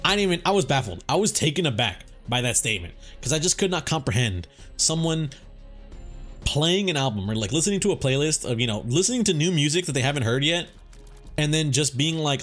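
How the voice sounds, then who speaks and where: A man's voice: medium pitch, animated, a little fast, a bit bright, soft background music. A young man telling a story in a laid-back, rambling way over gameplay, swearing freely as he goes. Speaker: gaming YouTuber.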